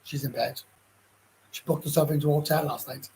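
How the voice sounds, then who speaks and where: A Welsh man with a gruff voice, hosting a casual live chat and answering viewer comments in a rambling, blunt way with frequent swearing. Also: fairly high pitch, steady tone, fairly quick, dark tone, a little hiss or hum, poor audio. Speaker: livestream host.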